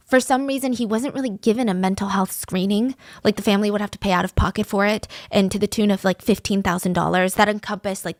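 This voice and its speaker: A woman's voice: medium pitch, no room sound. Woman podcast host narrating true crime, casual, dry close sound. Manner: conversational, animated asides, raises voice for quoted lines.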